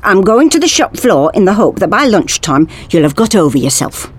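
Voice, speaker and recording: A woman's voice: mid-range voice, very animated, moderate pace, husky. Woman voicing a blunt, chummy factory bloke. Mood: exasperated. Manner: chummy, exasperated. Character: blunt, practical male factory worker.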